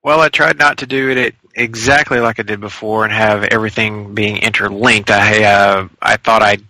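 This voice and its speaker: A man's voice: fairly low pitch, fairly even intonation, moderate pace, bright, forceful tone, no room sound, low-quality recording. A man talking as a podcast guest, rambling and thinking aloud with frequent fillers. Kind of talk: casual podcast discussion.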